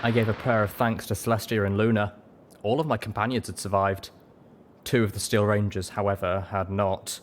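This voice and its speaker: A man narrating a story in first person with a steady, dramatic reading. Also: on the low side, normal speed, slight background noise. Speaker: audiobook reader.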